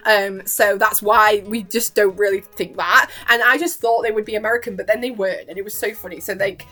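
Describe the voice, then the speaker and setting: A woman's voice: medium pitch, steady tone, fairly quick, bright, forceful tone, soft background music. A young woman vlogging casually at home into a webcam, chatty and giggly, packing her talk with "like" as she recaps a cartoon episode. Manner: chatty and giggly, full of fillers like "like".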